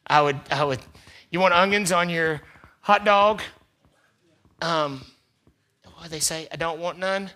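Captured at a live church service, a pastor with a fairly high-pitched voice preaches his sermon. He repeats phrases to drive points home, swinging from loud, emphatic peaks down to quiet asides.

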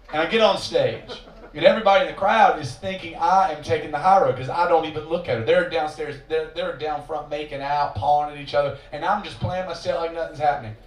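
A man's voice: a little high, fairly bright tone. A man telling a long, profane, self-mocking story on stage between songs at a live show. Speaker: singer-songwriter telling stories on stage. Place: live venue with audience. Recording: roomy live recording from a distance. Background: audience ambience.

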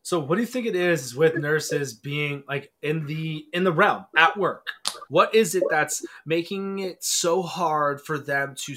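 A man's voice: fairly high pitch, unhurried, fairly bright tone, a little hiss or hum. A man hosting a motivational interview, enthusiastic and emphatic, often repeating his key points. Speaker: weight-loss coach and show host.

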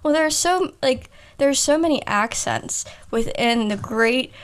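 High-voiced giggly young woman. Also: lively intonation, measured pace. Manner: giggly, self-deprecating, tries silly impressions. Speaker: podcast co-host. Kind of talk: casual comedy podcast banter.

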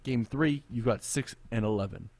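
A man co-hosting a casual sports podcast, animated and quick to laugh, often repeating himself. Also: medium pitch. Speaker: podcast co-host.

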